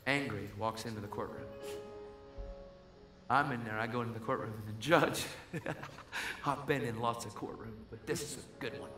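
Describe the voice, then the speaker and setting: A man preaching a sermon, telling a story with acted-out voices and building to shouts. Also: mid-range voice, normal speed, long pauses. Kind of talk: sermon testimony. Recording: echoey hall with faint music.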